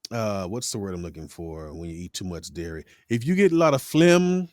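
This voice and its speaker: A man's voice: sits low, a little fast, no room sound. A man hosting a casual interview, talking shop about voice-over sessions and acting out quoted dialogue as he tells stories. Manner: animated, acts out quoted studio dialogue in different voices.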